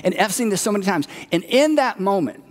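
A man preaching a sermon in an animated way, often acting out the voices of the people he describes. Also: high-pitched, brisk. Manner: animated, acts out quoted voices. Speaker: pastor. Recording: long hall reverb.

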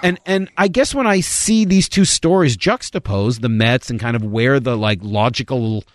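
A man from the northeastern United States hosts a sports talk show with a lively, swinging pitch. He banters fast with his co-hosts and reads news stories aloud. The recording is dry and close. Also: no room sound. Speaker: show host.

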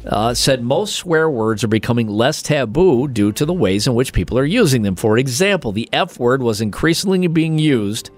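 Male podcast co-host, casual and profane, reads strange news items aloud, faint music underneath. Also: medium pitch. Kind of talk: casual comedic chat.

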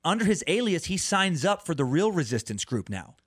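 Fairly high-voiced man telling a story. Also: big pitch swings, fairly quick, dry recording, clean studio sound. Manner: rambling, with many restarts and repeated words. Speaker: comedian and podcaster guest. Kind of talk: animated true-crime storytelling.

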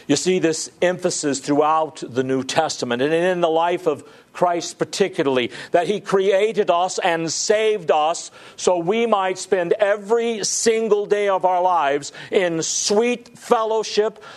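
A man's voice: high voice, slow pace. A male pastor preaching a sermon, earnest and stretching key words for emphasis.

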